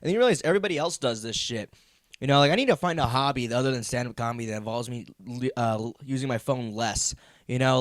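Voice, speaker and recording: A man's voice: a little high, no echo. Rambling, profane young man, dry close mic. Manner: profane, meandering, self-deprecating rant. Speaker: comedy podcast host. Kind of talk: rambling comedic monologue.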